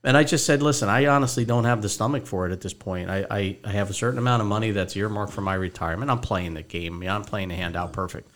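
A man's voice: fairly low pitch, fast, few pauses, fairly bright tone. A man hosting a podcast as a financial advisor, telling a story casually and acting out both sides of a phone call.

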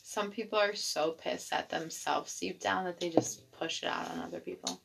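Low, gravelly woman on a noisy track. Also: fairly even intonation, moderate pace. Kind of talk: casual chat. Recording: noisy background.

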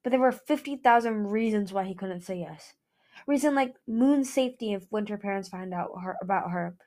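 A woman reading a novel aloud in a plain, steady way with small slips. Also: medium pitch, moderate pace. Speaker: fan audiobook reader.

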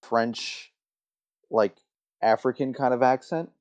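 A young man at an average pitch tells a rambling story on a podcast, full of fillers and hedges. His mic is dull and lo-fi. He sounds relaxed and casual. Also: slow. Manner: hesitant, filler-heavy storytelling. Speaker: podcast co-host. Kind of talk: casual chat.

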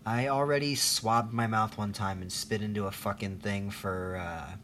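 A low-voiced man in his thirties rants through a loose, profane monologue, sarcastic and rambling as he laughs at his own jokes. A faint hiss of noise sits behind him. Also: fairly even intonation, moderate pace, a bit bright. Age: 30s. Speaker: vlogger. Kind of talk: ranting monologue.

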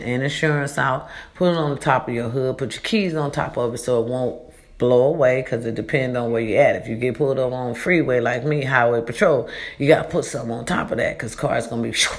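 A woman vlogger talking casually in an echoey borrowed room, giving chatty, preachy life advice and calling her listeners baby and y'all. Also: very deep voice. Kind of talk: casual motivational monologue.

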